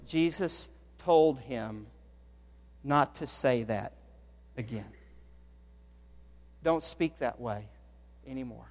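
A middle-aged man preaching a sermon as pastor, telling stories with animation and building to emphatic peaks. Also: medium pitch. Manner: animated storytelling, swells in volume for emphasis. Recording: long reverb of a large hall.

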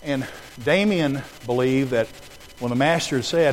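A man preaching a sermon in a church auditorium, dropping to a hush for the story and then rising into loud, emphatic appeals. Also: medium pitch, measured pace, a little hiss or hum, low-quality recording.

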